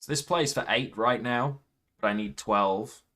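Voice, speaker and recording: Playing a card game, this gaming YouTuber talks it through mostly to himself, murmuring point counts and reasoning out each move aloud. He speaks a little slowly, his middle-pitched voice bright and forceful.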